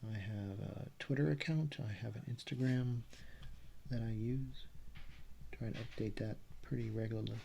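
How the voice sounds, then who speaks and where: A man's voice: fairly low pitch, steady tone, normal speed, creaky, warm tone, a little hiss or hum. A man in his forties from Texas with a Texas accent, talking casually in a meandering, self-correcting way on a vlog. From Texas, USA. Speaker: artist vlogger.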